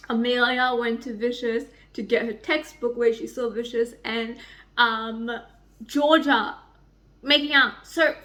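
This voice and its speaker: A young woman chatting in a casual reading vlog, excitable, rambling and swearing freely as she rants about characters. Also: a little high, measured pace. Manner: rambling, restarts often. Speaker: book vlogger.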